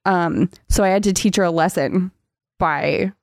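A woman's voice: fairly low pitch, unhurried, darkish tone, no echo, clean studio sound. Sarcastic woman recapping a book. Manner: sarcastic, acts out characters' lines, swears freely. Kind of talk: casual chat recapping a book.

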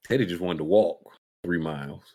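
A man chatting casually, slangy and animated, acting out quotes as he tells stories. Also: deep voice, moderate pace. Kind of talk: casual chat.

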